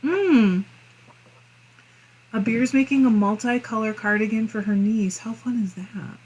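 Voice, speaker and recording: A woman's voice: a little high, unhurried, darkish tone, slightly rough, poor audio. A woman with a Midwestern accent hosting a live crafting stream, reading viewer comments aloud in a friendly, chatty way. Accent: Midwestern American. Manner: chatty and friendly, muses aloud with small laughs.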